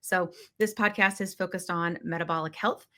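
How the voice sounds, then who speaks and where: A woman hosting a casual podcast chat, upbeat and talkative, with frequent ums. Her voice sits a little low for a woman. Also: steady tone, normal speed, fairly bright tone. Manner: upbeat, chatty, with filler ums. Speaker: podcast host.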